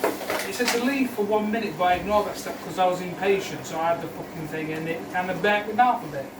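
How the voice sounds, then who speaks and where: A high-voiced young man swears and jokes his way through a kitchen chat. He sits some way from the mic, and the room rings around him over a steady hum of noise. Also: fast talker. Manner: crude, swearing, joking. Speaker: co-host. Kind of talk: casual chat while cooking. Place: home kitchen. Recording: echoey kitchen, distant mic, noisy.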